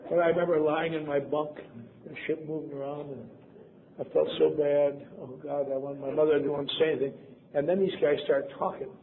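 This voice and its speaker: A man's voice: a little high, level tone, fairly quick. A man in his seventies from Wisconsin, giving a convention talk in a wry, self-mocking storytelling manner. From Wisconsin, USA. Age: 70s. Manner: wry, self-mocking, acts out quoted voices. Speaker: convention speaker. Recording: lo-fi tape, phone-like, faint hiss.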